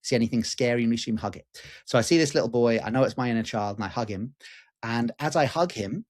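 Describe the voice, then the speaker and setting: A man in his forties, a guest teacher, telling a personal story in an animated, candid way with casual swearing and fillers. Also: mid-range voice, fast. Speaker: guest, lucid dreaming teacher.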